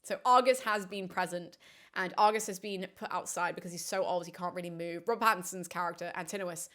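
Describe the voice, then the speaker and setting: Casting: young woman host, lively analyst, quick asides, playful character voices. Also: on the low side. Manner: animated, quick asides, acts out characters' lines. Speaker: classicist host. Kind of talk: enthusiastic film analysis.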